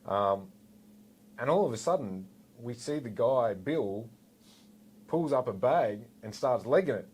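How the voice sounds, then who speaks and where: A man in his forties with an Australian accent, a former police officer telling a story in a relaxed, animated way with lots of asides. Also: mid-range voice, a little slow, long pauses, slightly rough. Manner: animated, rambling with fillers and asides. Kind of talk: casual storytelling anecdote.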